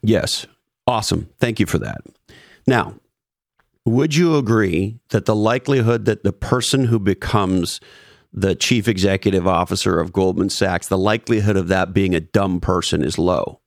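A man's voice: sits low, normal speed, gravelly, no room sound. Emphatic man explaining a thesis, dry sound. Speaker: host. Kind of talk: conversational business talk.

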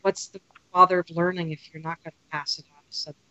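A woman guest on a podcast, telling lively stories and acting out what people said. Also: fairly low pitch, rapid-fire, muffled recording. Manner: lively storyteller, acts out quotes. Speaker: podcast guest, photography tour leader. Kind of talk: casual podcast chat.

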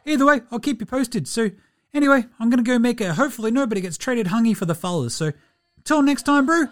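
A man's voice: very high voice, animated, fast, a bit bright. A man playing a laid-back, friendly New Zealand basketball player in a comedy bit, putting on a New Zealand accent and rambling chummily through a mock diary entry. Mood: easygoing. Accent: New Zealand (put on). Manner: chummy, rambling, says "bro" and "eh" constantly.

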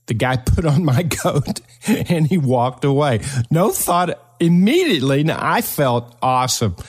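An older man from eastern Kentucky, hosting his own podcast and telling a personal story in an earnest, motivational way with slow, emphatic phrases. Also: mid-range voice. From eastern Kentucky, Appalachia. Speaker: podcast host.

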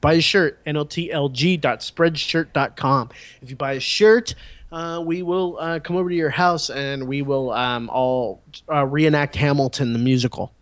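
A man's voice: on the high side, fairly even intonation, moderate pace, a bit bright, dry recording. A man hosting a casual podcast, joking and rambling with friends. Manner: joking, rambling, laughs often. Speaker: podcast host.

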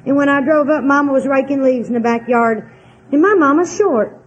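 A woman's voice: high-pitched, fairly quick, a little hiss or hum, low-quality recording. An older woman, candidly telling a personal recovery story in a homespun, frank way. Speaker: twelve-step speaker.

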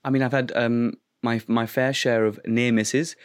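A man hosting an interview, himself a dentist, talking in a quick, supportive, chatty way. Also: mid-range voice, little pitch movement, smooth. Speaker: dentist host. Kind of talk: conversational interview.

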